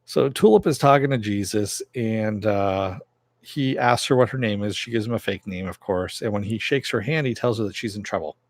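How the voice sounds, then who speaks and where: A man's voice: moderate pace, no echo. A man casually recapping a TV episode in a rambling way, full of fillers, lifting his voice when he quotes the characters. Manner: rambling, many fillers, raises pitch when quoting characters. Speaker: TV episode reviewer.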